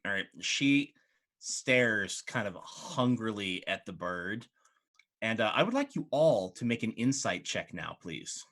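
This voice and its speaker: A man narrating a tabletop game as game master, in an animated storytelling manner. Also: lowish voice, measured pace.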